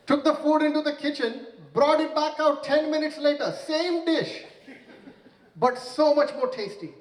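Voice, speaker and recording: A man performing a stand-up comedy set on stage, with deadpan punchlines and animated storytelling. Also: extremely high pitch, normal speed, reverberant, recorded from a distance, slight background noise, low-quality recording. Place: stage in a large room with an audience.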